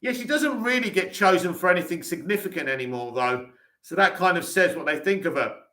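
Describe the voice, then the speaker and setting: A high-pitched man with an English accent hosts a live stream and answers viewer comments bluntly. His voice is very bright and sharp, and his takes are curt and dismissive. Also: lively intonation, fairly quick. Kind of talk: reading and answering live chat.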